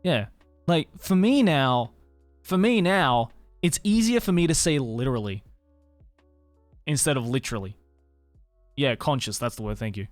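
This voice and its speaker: Tired Australian man, lively voice. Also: on the high side, moderate pace, dry recording, soft background music. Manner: rambling, swears casually, answers chat. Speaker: streamer. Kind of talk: casual chat with stream viewers. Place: Tokyo.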